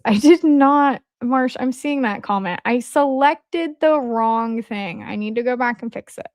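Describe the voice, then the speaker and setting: A woman's voice: on the high side, unhurried, hardly any pauses, darkish tone, dry recording, studio quality. A woman with a Midwestern American accent hosting a casual livestream, chatting and joking with her viewers. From Midwest of the United States. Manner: chatty, joking asides to chat. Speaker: livestream host.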